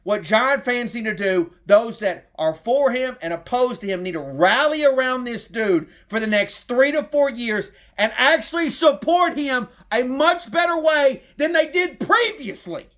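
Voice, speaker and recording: A man's voice: very high voice, expressive, unhurried, few pauses, a bit bright. A middle-aged man with a Southern accent delivering a heated, profane sports rant as a fan content creator.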